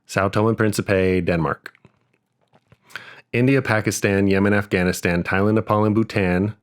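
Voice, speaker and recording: A young man with a fairly low voice, hosting a relaxed podcast. He rattles off a long list in a quick, half-sung rhythm. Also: clear, resonant tone. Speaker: podcast host. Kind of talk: casual podcast recitation.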